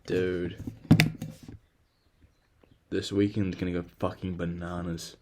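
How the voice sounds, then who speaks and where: A young man hosting his own podcast in loose solo chat, excitable and profane, jumping between loud outbursts and hushed whispers. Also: low voice, moderate pace, husky. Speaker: podcast host.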